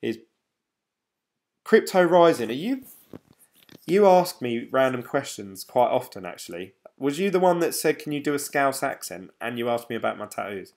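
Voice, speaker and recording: A chatty man hosting a livestream and answering viewer comments. His voice sits at an ordinary middle pitch, and he rambles loosely in a relaxed, informal way. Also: normal speed. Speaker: crypto livestream host. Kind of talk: casual livestream chat reading viewer comments.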